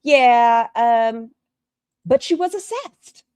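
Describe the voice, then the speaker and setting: A woman's voice: on the high side, animated, drawn-out words, a little mellow, clear, resonant tone, no echo, studio quality. A woman hosting a casual livestream, chatting bluntly and reading viewer comments aloud. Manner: blunt and gossipy. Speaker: livestream host.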